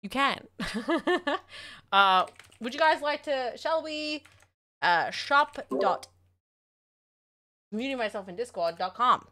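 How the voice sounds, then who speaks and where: Australian woman streamer, high, bright voice, swings all over, rambling and sweary. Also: takes it slowly, long pauses, slight background noise. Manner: rambling, excitable, swears often, talks to chat. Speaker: livestreamer. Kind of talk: casual livestream chat.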